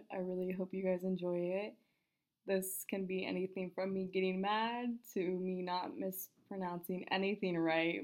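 A podcast host with a fairly low voice speaks into a desk microphone, the recording muffled. In this casual narration with outtakes, she stumbles over her words, corrects herself, and apologizes.

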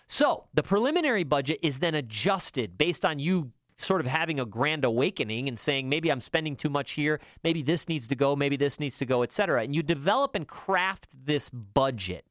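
A man's voice: fairly high pitch, very animated, moderate pace, a bit bright, dry recording, clean studio sound. A middle-aged man hosting a talk show, giving emphatic, coaching money advice with many fillers and restarts. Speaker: podcast host.

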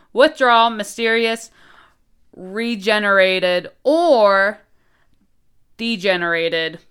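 A woman's voice: medium pitch, fairly bright tone, clean tone. A young woman in casual chat, playful and joking, laughing often as she reads aloud.

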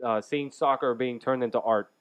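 A man's voice: mid-range voice, fairly even intonation, normal speed, clean tone, no echo. A young man hosting a radio show, teasing his co-host in casual banter and swearing freely. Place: radio studio. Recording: slightly dull lo-fi sound.

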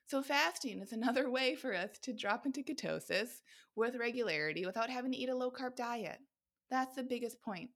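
A woman hosting a nutrition podcast, talking in an energetic, emphatic motivational monologue and swearing freely. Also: on the high side. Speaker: podcast host, nutrition coach.

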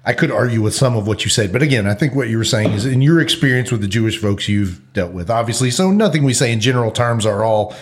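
A man's voice: mid-range voice, quick pace, hardly any pauses. A man co-hosting a podcast in casual chat, hedging and thinking aloud as he talks. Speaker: podcast co-host.

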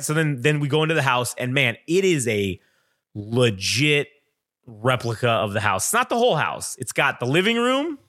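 A man's voice: medium pitch, fairly bright tone, dry recording, studio quality. Profane rambling man telling a story. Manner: profane, rambling, acts out quotes in funny voices. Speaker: podcast co-host. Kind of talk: casual storytelling chat.

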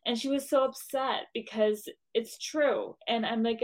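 A woman's voice: fairly high pitch, steady tone, a little slow, few pauses. An earnest woman chats as a guest on a podcast about her own business. Her speech is heartfelt and breaks into restarts when she is moved. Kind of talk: casual podcast chat.

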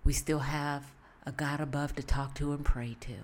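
A woman's voice: low-pitched, little pitch movement, normal speed. A woman talking casually and earnestly to her viewers, giving life advice and repeating points for emphasis. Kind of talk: casual motivational talk.

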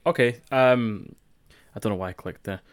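A man's voice: on the low side, moderate pace, smooth. A man hosting a podcast in casual chat, hesitant, restarting and swearing. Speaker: podcast host.

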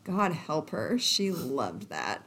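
A woman's voice: sits low, wildly swooping pitch, takes it slowly, heavy background noise. A woman co-hosting a podcast, reading romance passages aloud with lots of giggling and side comments. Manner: giggly, breaks off into laughter and asides. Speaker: podcast co-host.

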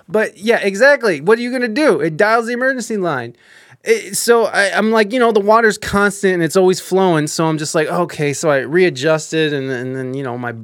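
A young man live streaming, telling a story in a casual, animated way with lots of swearing, fillers and restarts. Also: high voice, no room sound, clean studio sound.

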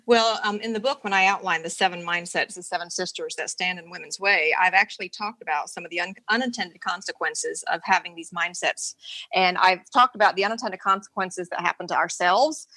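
A woman's voice: lowish voice, brisk, sharp tone, no room sound. A woman guest author in an interview, explaining her ideas in a coaching way and checking that she is understood. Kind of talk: conversational interview.

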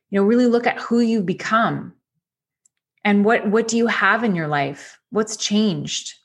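A woman coach leading a goal-setting lesson, talking directly and encouragingly with many rhetorical questions. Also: mid-range voice.

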